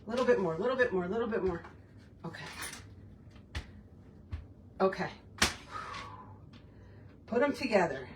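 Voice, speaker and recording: A woman's voice: medium pitch, animated, moderate pace, pauses often, recorded from a distance, slight background noise. A woman hosting a casual crafting tutorial, talking to herself and her viewers as she works with her hands. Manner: chatty, self-talking while working with her hands. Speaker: craft video host.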